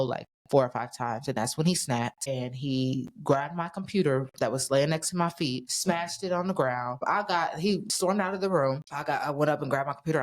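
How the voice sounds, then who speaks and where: A woman guest on a podcast, recounting events in casual, blunt talk and swearing freely. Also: rumbling low. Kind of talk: casual storytelling.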